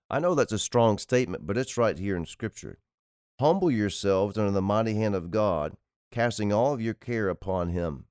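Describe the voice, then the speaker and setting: Male podcast preacher, low-pitched and smooth, dry close sound, driving repetitive delivery. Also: darkish tone, no echo. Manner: emphatic, repetitive preaching cadence. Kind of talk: sermon-style podcast teaching.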